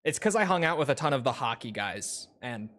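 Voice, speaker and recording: A man's voice: mid-range voice, big pitch swings, a little fast, a bit bright, slight background noise. A young man from Minnesota streaming a game, chatting loosely and joking with frequent swearing. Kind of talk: casual gameplay stream chat. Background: game music.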